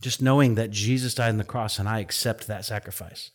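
A middle-aged man, a pastor, preaching in a chatty storytelling way, his voice jumping up for quoted outbursts and dropping soft and low on serious points. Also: fairly even intonation, fairly quick. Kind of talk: conversational sermon.

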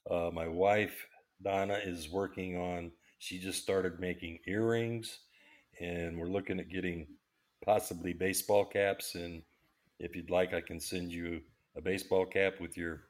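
Podcast guest, man, very deep voice, relaxed, short agreeing replies. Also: unhurried. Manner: laid-back, brief affirmations, chuckles. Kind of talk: casual chat.

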